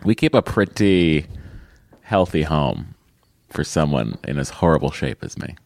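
A man's voice: very deep voice, big pitch swings, a little slow, creaky, darkish tone, no room sound. A man from New England co-hosting a podcast in casual chat, joking and rambling with self-deprecating asides. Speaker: podcast co-host.

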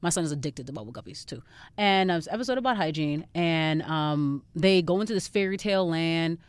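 A young woman, a parent of a toddler, chatting casually as a podcast co-host and telling lively stories in which she acts out what other people said. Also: low voice, fairly quick, smooth, dry recording. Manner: lively storyteller, acts out quoted voices. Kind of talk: casual chat.

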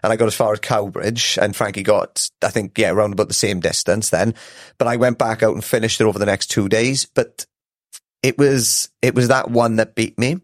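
A man with a fairly low voice talks loosely in a podcast studio. He rambles through his stories, swears casually and laughs easily. The sound is close and dry. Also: fairly even intonation, brisk, no echo. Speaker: podcast guest, ultra runner. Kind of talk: casual chat.

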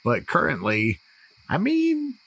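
A man's voice: a little high, wildly swooping pitch, slow, vocal fry, a bit bright, husky, poor audio. A man narrating as game master of a tabletop role-playing game, joking and laughing with his players. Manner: laughing, teasing banter.

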